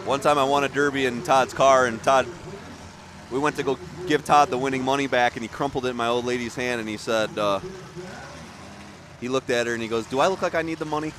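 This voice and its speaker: A man's voice: medium pitch, little pitch movement, brisk, a little hiss or hum. A man announcing a demolition derby live, calling drivers and chatting with jokes and laughter. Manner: chatty, joking, laughs often. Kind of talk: live play-by-play commentary.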